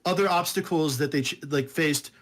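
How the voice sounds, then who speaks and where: A man with a somewhat high voice talks loosely in a casual podcast chat. He rambles, laughs often and drops "dude" into his talk as he reviews a book with a friend. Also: moderate pace, a bit bright. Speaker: podcast co-host.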